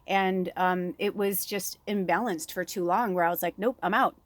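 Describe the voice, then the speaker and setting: A woman's voice: lowish voice, moderate pace, no room sound. Woman, middle-aged, rambling chat, candid and swearing, dry close recording. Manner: candid, swears freely, laughs often, animated. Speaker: spiritual medium and oracle reader.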